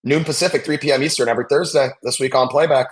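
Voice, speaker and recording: A man hosting a live basketball watch-along, chatting casually and calling plays with excitement. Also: medium pitch, racing. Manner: chatty, excitable, reacts loudly to big plays.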